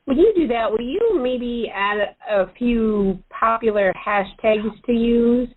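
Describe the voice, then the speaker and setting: A woman's voice: a little high, animated, a little slow. A woman asking a question on a team call, hesitant and thinking aloud. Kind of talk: casual call chat. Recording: phone-line call audio.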